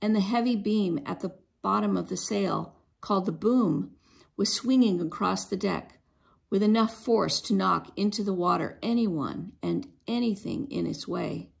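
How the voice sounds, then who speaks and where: A woman reading a children's novel aloud in an expressive storytelling manner, with an occasional stumble over a word. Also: mid-range voice, a little slow, vocal fry. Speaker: storybook reader.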